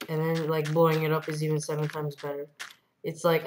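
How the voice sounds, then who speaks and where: A woman giving casual let's-play commentary, rambling along and bursting into excited yelps. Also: low voice, fast talker. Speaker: gameplay commentator. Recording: noisy home computer mic.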